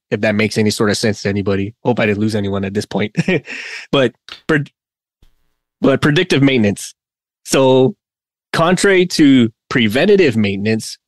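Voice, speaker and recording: A man's voice: medium pitch, dry recording. Giggly man chatting on a podcast, dry sound. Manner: laughs often, rambling with restarts. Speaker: podcast co-host. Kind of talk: casual podcast chat.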